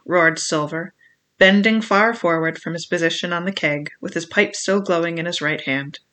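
A reader giving steady first-person audiobook narration of an adventure novel. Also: mid-range voice, normal speed.

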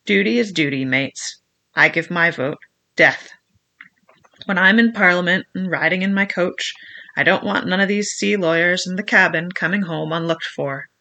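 A reader doing Long John Silver, gruff scheming pirate. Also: medium pitch, normal speed, bright, forceful tone. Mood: menacing. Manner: gruff, persuasive, menacing. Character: ruthless scheming old male pirate cook. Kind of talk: audiobook reading.

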